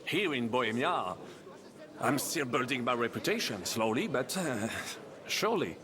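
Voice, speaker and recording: A man's voice: medium pitch, lively intonation, moderate pace, fairly bright tone, natural voice. A man with a French accent voicing a boastful baron in a video game, grand and theatrical. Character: boastful French baron, smooth talker, middle-aged man. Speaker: game character.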